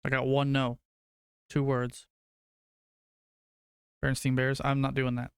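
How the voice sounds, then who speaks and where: A young man streaming to his chat, rambling through food debates and cursing casually. His voice is smooth and clear, recorded dry and close on a desk mic. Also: medium pitch, monotone, slow, dry recording. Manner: rambling, swears casually, argues food opinions.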